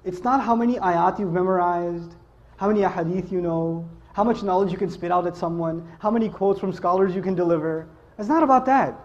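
A man with a high voice gives a playful lecture, joking and laughing as he tells stories to his listeners. The recording sounds dull and lo-fi. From Pakistan. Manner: joking, animated storytelling, laughs often. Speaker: Islamic speaker. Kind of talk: lively lecture to a live audience.

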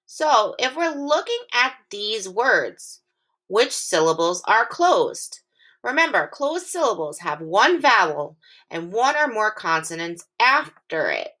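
Woman teacher, phonics lesson for young kids, lively sing-song pitch, bright tone, patient. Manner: slow, clearly stretched-out sounds; patient and encouraging.

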